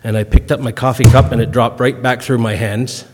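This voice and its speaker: A man's voice: medium pitch, steady tone, a little fast, darkish tone. Folksy older man in a reverberant hall. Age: 50s. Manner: folksy, self-deprecating storyteller with comic timing. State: recovering from a cough, clears throat. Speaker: guest speaker. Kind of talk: humorous storytelling talk to a congregation.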